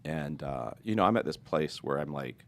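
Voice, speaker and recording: A middle-aged man with an extremely deep voice and a rough, gravelly fry. He tells a personal story in a podcast interview, earnest and confessional, with a reflective tone. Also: lively intonation, moderate pace, a bit bright, slight background noise.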